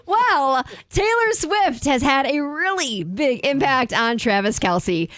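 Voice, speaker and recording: A woman's voice: sits high, big pitch swings, takes it slowly, a bit bright, no echo, clean studio sound. A woman on a radio show reading the entertainment news segment.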